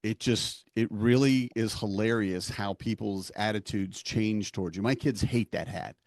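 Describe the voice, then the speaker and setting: A man co-hosting a podcast who runs tabletop games, talking in a relaxed, rambling and self-deprecating way. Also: fairly low pitch, unhurried, no room sound, clean studio sound. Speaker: podcast co-host and game master. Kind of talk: casual podcast chat.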